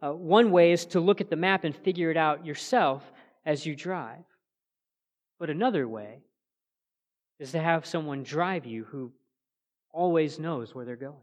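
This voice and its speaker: An earnest man preaches a sermon from the pulpit. He builds to emphatic peaks, then drops to soft, quiet lines. His voice carries with a long reverb through a church sanctuary. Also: on the high side, a little slow, long pauses. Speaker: pastor.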